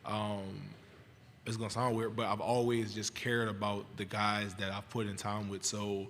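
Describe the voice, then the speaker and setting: A young man in his twenties from Louisiana, a college football player, answering press conference questions in a calm, thoughtful way with many fillers. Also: fairly low pitch, moderate pace. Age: 20s. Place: large media hall. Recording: long reverb of a large hall, faint noise.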